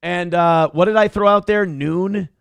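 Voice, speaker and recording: A man's voice: high-pitched, unhurried, vocal fry, clean tone, no room sound. A man co-hosting a casual morning show, cracking jokes and reading viewer donations aloud. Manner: wisecracking, reads chat messages aloud.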